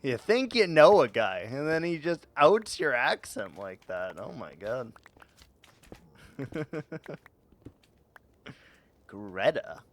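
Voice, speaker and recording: A man's voice: mid-range voice, big pitch swings, takes it slowly, long pauses. A man streaming a game, chatting casually and teasing his viewers, often laughing at his own jokes. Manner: teasing, playful banter with chat. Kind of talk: casual live-stream chat while gaming.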